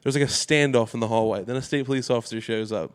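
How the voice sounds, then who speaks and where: A man telling a wild story in casual podcast chat, acting out the people in it with sudden jumps in pitch. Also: quick pace, clean tone. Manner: animated storyteller, acts out quoted voices with big pitch jumps. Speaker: podcast guest.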